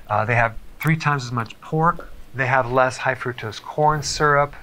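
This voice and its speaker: Measured male health presenter, bright voice. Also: medium pitch, a little hiss or hum, rough recording. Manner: measured, explanatory, checks in with "okay?". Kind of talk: explanatory talk to camera.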